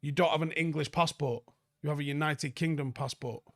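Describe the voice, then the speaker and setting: Blunt sweary football host. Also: male voice, on the high side, steady tone, fairly quick, fairly bright tone. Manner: blunt, sweary, reads viewer comments aloud and answers them. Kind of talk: live stream chat review.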